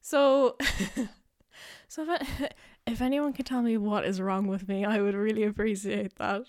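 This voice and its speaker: A woman's voice: medium pitch, measured pace. A young woman hosting a podcast, rambling and giggly as she tells stories in a casual solo chat. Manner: giggly, rambling, animated storytelling. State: out of breath. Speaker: podcast host. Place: house in the countryside.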